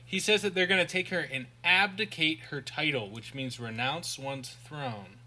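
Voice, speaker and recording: A man's voice: fairly high pitch, moderate pace, bright, forceful tone. A man co-hosting a podcast, recapping a film in a rambling casual way with fillers and asides. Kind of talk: casual chat.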